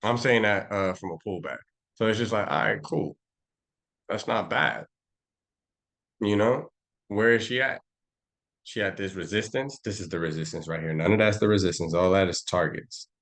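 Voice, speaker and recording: Low-voiced man teaching with loose slang. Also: normal speed, pauses often, fairly bright tone. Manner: rambling, slangy, talks to himself while charting. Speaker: trading instructor. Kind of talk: casual live screen-share class.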